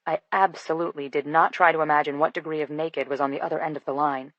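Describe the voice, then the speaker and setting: A woman reading a first-person romance audiobook in an expressive, lightly comic manner. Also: deep voice, fast talker, dry recording, highs cut off. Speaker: audiobook narrator. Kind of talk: first-person scripted narration.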